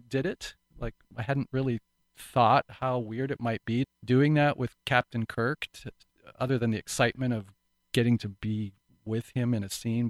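A man's voice: mid-range voice, no echo. A middle-aged man who is an actor, telling his life story candidly in an interview, reflective and earnest with frequent restarts.

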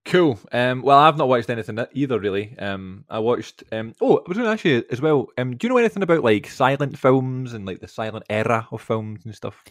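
A man's voice: medium pitch, lively intonation, fairly quick, hardly any pauses, dry recording, clean studio sound. A young man co-hosting a film podcast, chatting casually and rambling through stories with plenty of fillers. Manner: rambling storytelling, many fillers and asides. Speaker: podcast co-host.

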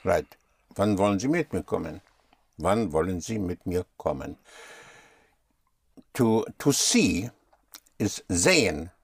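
A man's voice: low voice, sing-song, slow pace, pauses often, breathy edge, no echo. A man teaching German in a patient one-on-one lesson, often spelling words out letter by letter.

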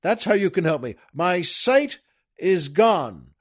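A man voicing a stubborn lawyer who insists loudly and stumbles over his words in anger. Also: high-pitched, very animated, takes it slowly, heavily acted. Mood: demanding.

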